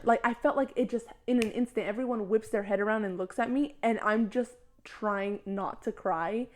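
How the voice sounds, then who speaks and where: A young woman as a podcast guest, telling school stories in casual chat, full of "like" fillers and frequent laughs. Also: medium pitch. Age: young adult. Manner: storytelling, laughs often, many "like" fillers.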